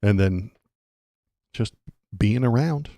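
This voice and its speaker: A man's voice: on the low side, slow pace, dark tone, no room sound. A man from Texas hosting a casual political livestream, rambling and sarcastic, restarting his sentences often.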